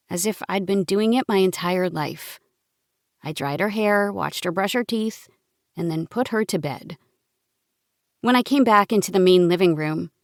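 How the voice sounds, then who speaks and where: A woman reading a first-person novel as an audiobook narrator, in a calm, measured storytelling manner. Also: lowish voice, no room sound, clean studio sound.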